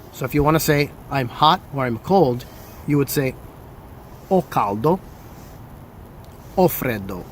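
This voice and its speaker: A man's voice: mid-range voice, a bit bright, a little hiss or hum. Patient American man teaching Italian. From New Jersey, USA. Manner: patient, repeats examples, checks in with "okay?"; switches between English and Italian phrases. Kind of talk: language lesson.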